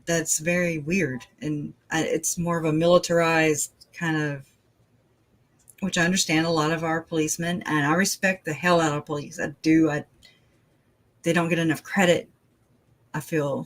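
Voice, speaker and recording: A livestream host in casual talk, rambling and animated, with frequent laughs and many fillers, and getting loud when worked up. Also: mid-range voice, rough recording. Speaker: true crime livestream host.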